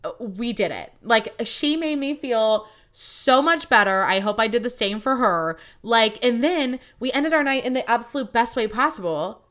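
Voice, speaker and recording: A woman's voice: on the high side, expressive, moderate pace, a bit bright. A young woman hosting a podcast, telling stories in a chatty, profane, casual monologue. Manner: chatty, profane, acts out quoted voices. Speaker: podcast host.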